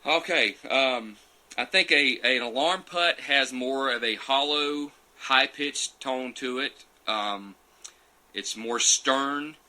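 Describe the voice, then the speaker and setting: A man with a very bright, sharp tone and a middle-pitched voice, talking casually into a phone during a live question-and-answer session. He rambles a little and answers viewers' comments as they come in. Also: slow pace, low-quality recording. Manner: chatty, loose and digressive, reading out comments as he goes. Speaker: champion turkey caller answering viewer questions.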